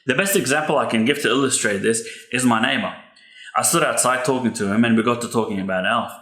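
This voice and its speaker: A man's voice: mid-range voice, fast talker, fairly bright tone. A man, a pastor's son hosting a podcast, giving earnest, heartfelt advice about grief. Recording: echoey room.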